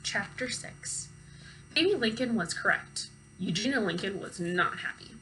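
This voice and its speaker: A woman teacher reading a children's book aloud expressively, pausing to ask her young listeners questions. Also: medium pitch, expressive, fairly bright tone, a little hiss or hum, poor audio.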